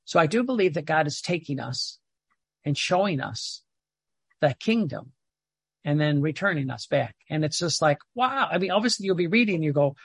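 A man's voice: on the high side, breathy edge, dry recording. A man giving an informal devotional talk, rambling and repeating words as he reads passages aloud and explains them. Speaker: religious teacher.

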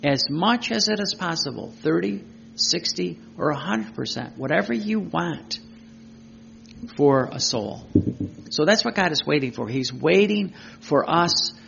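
A man's voice: on the high side, expressive, unhurried, creaky, a bit bright, slight background noise. A man giving a devotional teaching talk, earnest, piling up lists and rhetorical questions. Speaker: preacher. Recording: dull lo-fi recording.

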